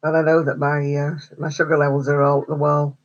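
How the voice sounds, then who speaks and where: A woman with a deep voice hosts a craft livestream, chatting casually with her live viewers, answering their comments, and laughing often. Her delivery is flat and brisk, and the sound is lo-fi.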